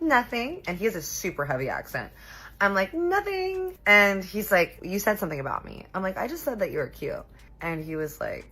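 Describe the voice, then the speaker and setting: A woman in her thirties telling a personal story in a chatty, animated way, acting out what people said. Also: deep voice, husky. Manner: chatty, animated, quotes people in little voices. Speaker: storytime vlogger. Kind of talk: casual storytelling.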